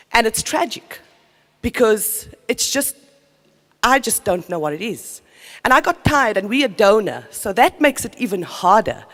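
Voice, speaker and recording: A woman, a community development worker, giving an earnest, energetic conference talk. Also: medium pitch. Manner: earnest, energetic, self-interrupting. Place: conference hall. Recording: long reverb of a conference hall.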